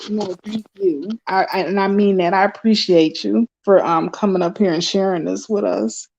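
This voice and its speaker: Woman host, casual live call-in stream, effusive and halting, muffled lo-fi sound. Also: mid-range voice, steady tone, vocal fry, darkish tone. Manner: effusive, many fillers and restarts. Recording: dull lo-fi stream audio.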